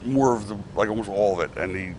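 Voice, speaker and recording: A man's voice: lowish voice, fast, darkish tone, slight background noise. A middle-aged man telling rambling backstage anecdotes in a casual interview, acting out what others said, on a clip-on mic. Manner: rambling anecdotes with restarts, acts out quotes. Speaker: former wrestling promoter.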